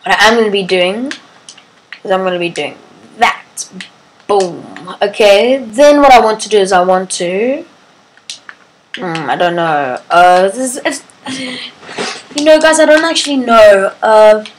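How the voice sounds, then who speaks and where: A woman's voice: mid-range voice, expressive, measured pace, long pauses, slight background noise, low-quality recording. A woman casually commenting on her gameplay, chatty and playful, breaking into sing-song chants and baby talk to her pets. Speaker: gaming channel host.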